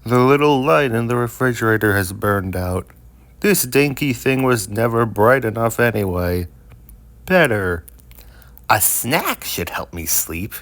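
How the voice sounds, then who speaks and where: A weary cartoon man mutters to himself at the fridge, as a reader voices him. The tone sits apart from the reader's usual voice and is a bit louder. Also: mid-range voice, animated, measured pace. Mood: muttering. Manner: mumbling to himself, then yelling. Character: Jon Arbuckle, weary cartoon man fixing his fridge.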